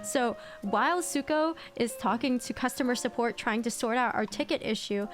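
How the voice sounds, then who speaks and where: Brief: young female streamer, high voice, animated storytelling that repeats itself. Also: moderate pace, faint music behind. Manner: animated, rambling, repeats phrases. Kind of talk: storytelling to viewers.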